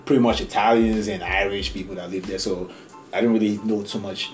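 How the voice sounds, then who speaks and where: A man from Nigeria with a Nigerian accent, telling stories in a rambling, animated casual chat and laughing often. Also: on the low side, brisk. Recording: echoey room, faint music.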